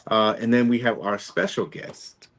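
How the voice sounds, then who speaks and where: A man hosting a casual podcast, relaxed and prone to repeating his phrases. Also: medium pitch, a little slow, gravelly. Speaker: podcast host. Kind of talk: casual chat.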